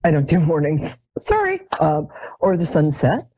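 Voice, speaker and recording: A woman's voice: deep voice, wildly swooping pitch, normal speed, mellow, no room sound. A middle-aged woman hosting a live psychic show, chatting casually with dry, self-mocking humor and many ums. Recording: dull, lo-fi webcam sound.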